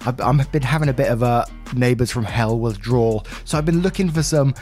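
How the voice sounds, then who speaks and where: A man's voice: mid-range voice, a little fast, a little mellow, faint music behind. A man hosting a channel, casually reading aloud online stories about neighbours in a chatty, friendly way.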